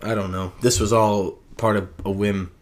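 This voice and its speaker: Low-voiced man rambling earnestly. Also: level tone, moderate pace. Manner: rambling, earnest, self-correcting. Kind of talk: casual late-night monologue.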